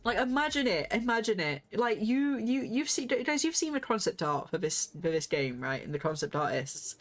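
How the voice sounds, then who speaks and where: A young woman livestreaming a game, chatting excitably and animatedly, swearing and leaping up in pitch when worked up. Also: moderate pace, hardly any pauses, faint music behind. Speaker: streamer. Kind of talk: casual gaming livestream chat.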